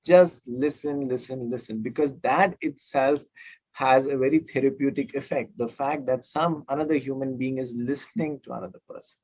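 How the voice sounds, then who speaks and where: A man's voice: medium pitch, fairly even intonation, moderate pace, a little mellow, low-quality recording. A man who works as a counselor tells a parable and then gives advice, talking with emphatic repetition and frequent hesitations. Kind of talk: storytelling and self-help talk.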